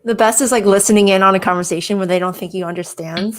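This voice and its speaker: A woman guest on a casual online panel who chimes in with short, upbeat remarks. Her pitch sits in the middle. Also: steady tone, fast, over a noisy crowd.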